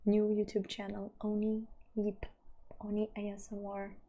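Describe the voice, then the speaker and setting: A woman from Portugal with a light Portuguese accent, chatting casually with her livestream viewers, laughing often and sometimes dropping into a soft whisper. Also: mid-range voice, completely flat delivery, unhurried. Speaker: streamer.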